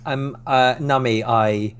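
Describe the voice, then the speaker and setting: A man trading quick, sweary jokes as a contestant on a live show. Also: mid-range voice, steady tone. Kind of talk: casual banter on a live show.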